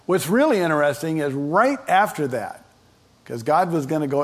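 A man's voice: fairly high pitch, expressive, normal speed. Man preaching in a chatty, folksy way. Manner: conversational, folksy preaching with asides to the congregation. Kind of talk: sermon.

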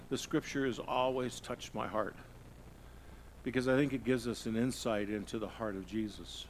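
Middle-aged guy preaching, big loud bits then goes quiet and low. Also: steady tone, normal speed, a little hiss or hum. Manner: dramatic swings between loud emphasis and hushed low passages. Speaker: pastor. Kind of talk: sermon.

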